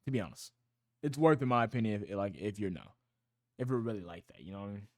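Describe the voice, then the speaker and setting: A man's voice: fairly low pitch, animated, quick pace, no room sound, studio quality. A young man streaming a reaction, talking in a casual, rambling, profane way and correcting himself as he goes.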